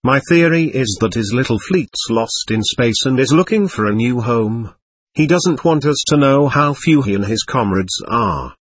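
A man's voice: medium pitch, lively intonation, normal speed, breathy edge, no echo. A man voicing an eager, speculative young male aide in an audiobook.

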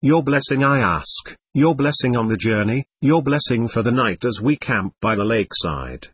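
Figure: a man playing a booming, bellowing trader. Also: expressive, moderate pace, a bit bright, husky. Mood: boisterous. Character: loud, boisterous grown male trader.

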